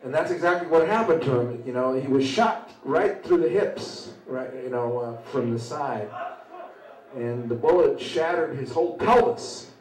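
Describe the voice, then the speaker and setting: Older male veteran, mid-pitched voice, talking off the cuff at an open mic with lots of "you know"s, heard from across a roomy space. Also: darkish tone. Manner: conversational, halting, with frequent "you know" tags. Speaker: veteran speaker. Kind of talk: personal storytelling at an open mic. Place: open mic at a small venue. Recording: roomy sound from a distant mic.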